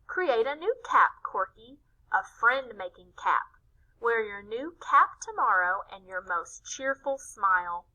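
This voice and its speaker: A woman's voice: fairly high pitch, very animated, slow pace, sharp tone, exaggerated voice, rough recording. A woman voicing a kindly, cheerful teacher in a children's story, speaking encouragingly.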